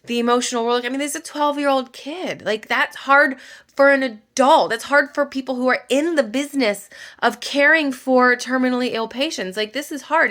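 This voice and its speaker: A book vlogger, a woman and mother, chats casually about a book while she does her makeup. Her voice is high-pitched with a fairly bright tone, and she rambles emotionally, using lots of filler words.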